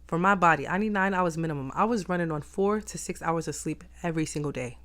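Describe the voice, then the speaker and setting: A woman's voice: sits low, fast talker, fairly bright tone. A woman talking in a reflective personal vlog, emphatic and repeating phrases for stress. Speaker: vlogger.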